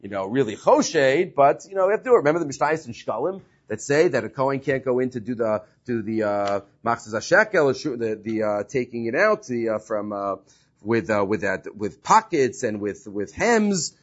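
A man's voice: medium pitch, sing-song, moderate pace. A man teaching a Talmud study class, reading Hebrew and Aramaic text and paraphrasing it with frequent fillers and restarts. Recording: dull lo-fi recording.

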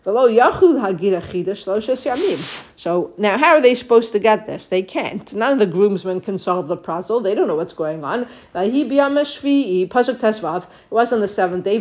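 A woman teaching a text study lesson, reading verses, translating them and retelling the story with expressive asides to her listeners. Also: mid-range voice. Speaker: Bible teacher. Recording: dull lo-fi audio.

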